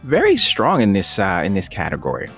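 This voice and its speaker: A man hosting a playful tongue-twister game on a video call, upbeat and quick to laugh. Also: creaky, soft background music. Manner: upbeat, laughs often, very lively pitch. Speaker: host. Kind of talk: game show banter.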